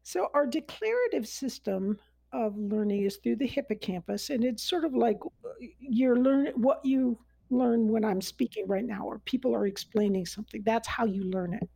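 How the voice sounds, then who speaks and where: This neuroscience guest expert from the United States rambles through a casual explanation of how learning works, full of fillers and restarts. She speaks at a moderate pace in a fairly high, creaky voice that is warm in tone and slightly rough. There's no echo, though the recording is rough.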